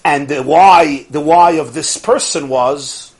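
A higher-voiced male religious teacher. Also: slow pace, few pauses, darkish tone, rough recording. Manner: rhetorical questions, acts out quoted speakers; sprinkles in Yiddish and Hebrew words. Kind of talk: lively religious lecture.

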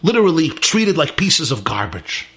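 A man's voice: on the high side, very animated, moderate pace, fairly bright tone. A man, a rabbi, telling a story in a sermon with emphatic repeated lists.

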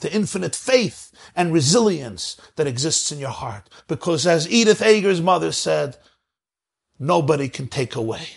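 A man gives an emphatic storytelling sermon as a spiritual teacher, stacking up phrase after phrase. His voice is gravelly and husky, a little high for a man. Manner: emphatic, piles up repeated phrases.

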